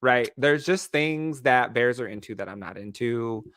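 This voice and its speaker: A man co-hosting a podcast in casual chat, animated and laughing as he hands out cheeky advice. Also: medium pitch, normal speed, no echo, clean studio sound. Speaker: podcast co-host.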